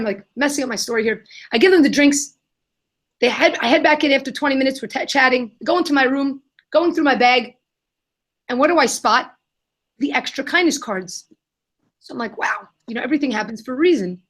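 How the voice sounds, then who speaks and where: Lively woman telling a story. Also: sits high, brisk. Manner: animated, acts out quoted voices. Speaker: guest, kindness nonprofit founder. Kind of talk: storytelling in a live Q&A.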